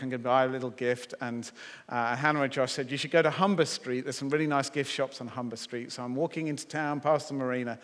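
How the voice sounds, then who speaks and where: A male preacher telling a personal story in a sermon, animated and acting out his own thoughts. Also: a little high. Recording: long hall reverb.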